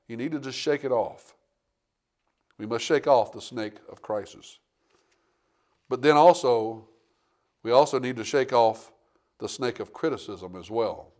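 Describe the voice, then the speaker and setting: A male pastor delivering a sermon, swinging between quiet earnest stretches and loud, dramatic bursts where he acts out voices. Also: medium pitch. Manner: emphatic preaching with rising bursts and dramatic quoted voices.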